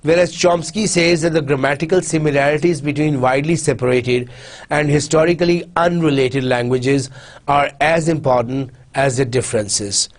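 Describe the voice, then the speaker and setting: A man with a fairly high voice gives a recorded university lecture. He explains patiently, circling back over the same point and restarting phrases as he goes. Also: normal speed. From Pakistan. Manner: repetitive, restarts often while explaining.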